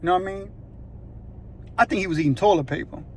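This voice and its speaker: A man telling a prison story in a casual, animated, slangy way, acting out voices and sounds. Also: high voice, fast talker, slight background noise. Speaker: storyteller recounting prison life.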